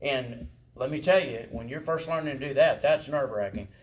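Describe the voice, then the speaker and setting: A man's voice: medium pitch, brisk. Guy teaching church song leading, folksy and encouraging, keeps going "right?", bit of faint hiss. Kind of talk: congregational singing lesson.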